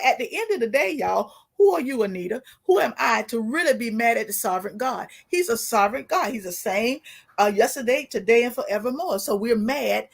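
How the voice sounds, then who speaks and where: A woman co-host who preaches more than she chats, quoting scripture and stumbling over her restarts. Her voice sits a touch high, and she builds her points like a sermon. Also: animated, moderate pace, gravelly. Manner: sermon-like, quotes scripture, many restarts and fillers. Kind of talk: preaching talk-show commentary.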